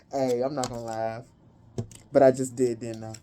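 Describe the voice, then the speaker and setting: A woman's voice: extremely low pitch, mellow. A woman giving a casual spiritual reading to her viewers, chatty and profane and prone to giggling. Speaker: spiritual card reader.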